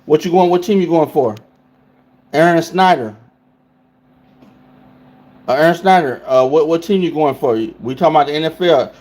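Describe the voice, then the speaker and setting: A man's voice: on the high side, moderate pace, pauses often, darkish tone. A man hosting a casual livestream, talking loosely and in slang straight to his chat. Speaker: livestream host.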